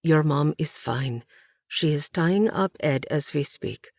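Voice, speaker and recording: Casting: woman reading a steady protective man, low and unhurried, dry close sound. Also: dry recording, exaggerated voice. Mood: tense. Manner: firm, low-key instructions. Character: steady, protective grown man, calm under pressure.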